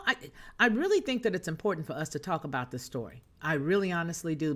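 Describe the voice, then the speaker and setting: A woman hosting a news and chat livestream, talking to her viewers in a sassy, emphatic way as she reads their comments. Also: low-pitched. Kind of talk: casual chat, reading chat comments.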